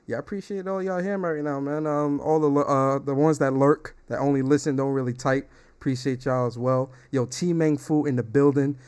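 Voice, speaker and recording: A young man hosting a gaming podcast livestream, talking casually with slang, bursts of laughter and loud shout-outs to viewers, on a desktop mic at home. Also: mid-range voice, steady tone, a little fast, smooth. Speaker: podcast host. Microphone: desktop streaming mic.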